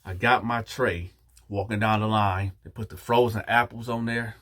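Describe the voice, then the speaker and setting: A man hosting his channel, telling a story in a casual monologue with animated delivery, talking straight to his viewers. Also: fairly low pitch, moderate pace. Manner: animated, addresses viewers directly.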